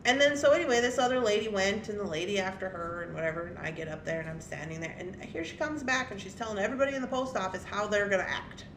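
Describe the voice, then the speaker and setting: A woman's voice: medium pitch, quick pace, hardly any pauses, background noise. A woman hosting her craft channel, telling a blunt story to viewers in a casual, laughing way, in an echoey room. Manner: animated and blunt, laughing often. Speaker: craft and jewelry channel host. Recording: echoey room with faint ambience.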